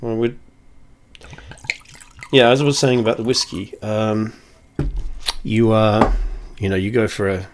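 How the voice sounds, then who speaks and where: A man's voice: fairly low pitch, flat delivery, a little slow, pauses often, background noise. A man reviewing whiskey in a casual, rambling chat, self-deprecating and swearing offhandedly, sitting close to his camera at home. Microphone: camera very close to face.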